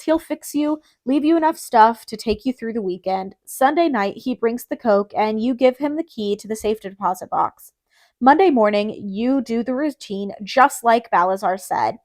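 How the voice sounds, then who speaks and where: A smooth, easygoing older-brother hustler who talks his sibling into things with steady reassurance, as read by a woman narrator. His voice sits a little louder and brighter than her narration. Audiobook reading. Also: on the high side, no echo, close to an everyday voice. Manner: coaxing, reassuring.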